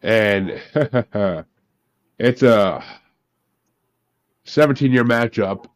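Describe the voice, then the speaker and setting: A man's voice: fairly low pitch, very slow. A man hosting a casual group podcast, talking with profane enthusiasm. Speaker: podcast host.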